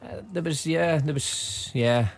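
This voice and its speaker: A man's voice: on the high side, a little slow. A Scottish man, a football pundit, bantering sheepishly in the studio and laughing at himself. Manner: sheepish, self-mocking, laughs a lot.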